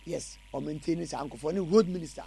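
A Ghanaian man with a high, gravelly voice talks fast and animatedly, slipping English words into his answers. A faint hiss of noise sits under the recording. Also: warm tone. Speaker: interviewee. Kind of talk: casual street interview.

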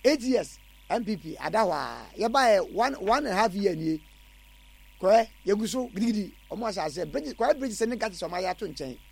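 High-voiced, fast-talking Ghanaian man. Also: gravelly, breathy edge. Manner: animated, mixes in English words. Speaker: interviewee. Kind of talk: casual street interview.

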